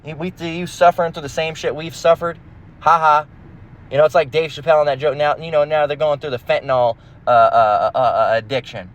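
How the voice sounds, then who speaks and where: A man's voice: on the high side, fairly even intonation, fairly quick, muffled recording. A man preaching in a casual, emphatic, profane manner, reading scripture and rambling with restarts, recorded in a car. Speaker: religious teacher.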